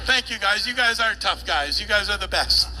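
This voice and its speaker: Animated high-voiced pastor in a hall. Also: male voice, moderate pace. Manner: animated and playful, directing volunteers and joking with the crowd. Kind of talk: sermon retelling a scripture story. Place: church hall. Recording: long echo in a large hall with faint noise.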